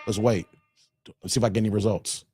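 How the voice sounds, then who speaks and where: A man's voice: lowish voice, steady tone, fast talker, very noisy. A man hosting a casual livestream, thanking donors and reading chat, playful and laughing often.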